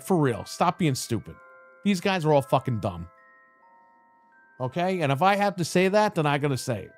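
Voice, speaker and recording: Faint music plays while a man with a fairly high voice delivers a heated live-stream rant. He's angry and blunt, cursing heavily and mocking the voices of those he's complaining about.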